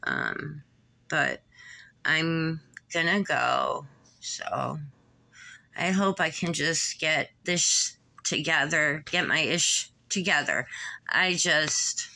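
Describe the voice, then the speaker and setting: Woman vlogger, breathless and halting, bright tone, unhurried emotional rambling. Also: low voice, creaky. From Michigan, USA. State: short of breath, tight-chested. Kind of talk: personal vlog monologue.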